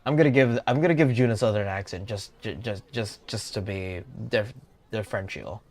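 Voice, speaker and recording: A man's voice: lowish voice, moderate pace. A man streaming a game, chatting casually, rambling and correcting himself with slang. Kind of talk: casual gameplay commentary.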